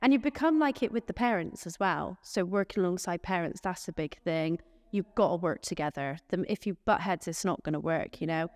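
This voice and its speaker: Chatty woman, low voice, reverb. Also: a little fast, a little mellow, studio quality. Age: late 20s. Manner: chatty, acts out little quoted exchanges. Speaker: care team manager. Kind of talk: casual interview answers.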